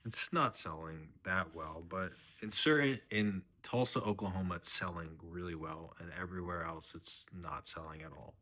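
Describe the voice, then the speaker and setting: A man's voice: deep voice, moderate pace, few pauses, pushed and bright. A man doing a mock-serious comedy monologue, rambling and earnest, sometimes trailing off to a whisper. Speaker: comedian host.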